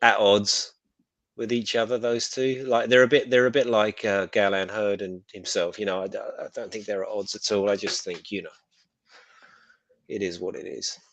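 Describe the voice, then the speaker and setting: Low-voiced man, blunt co-host. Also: steady tone, normal speed, fairly bright tone, dry recording. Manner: blunt and offhand, with repeated restarts. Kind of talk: casual live-stream chat.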